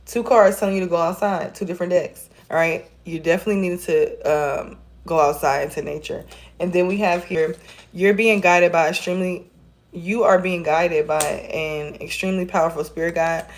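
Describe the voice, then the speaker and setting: A woman's voice: lowish voice, steady tone, normal speed. A woman giving a casual tarot reading to her viewers, chatty and encouraging, calling them y'all, recorded on a phone camera. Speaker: tarot reader.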